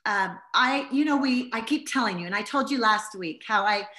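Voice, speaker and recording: A middle-aged woman gives an informal Bible teaching to a small group, telling stories in an earnest, heartfelt way. Her voice is a little high, pushed and bright, at a moderate pace.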